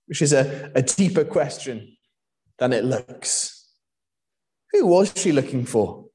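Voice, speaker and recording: A man's voice: fairly high pitch, sing-song, takes it slowly, darkish tone. A young man from Wales preaching a sermon in a conversational way, with frequent fillers and restarts.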